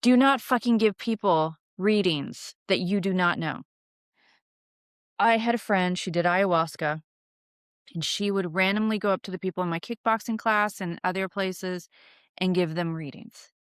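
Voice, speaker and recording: A young woman hosts a witchcraft podcast, telling stories and teaching in a candid, casual lesson, swearing freely and using many fillers. Her voice is fairly low and moves at normal speed, recorded with clean studio sound and no room sound.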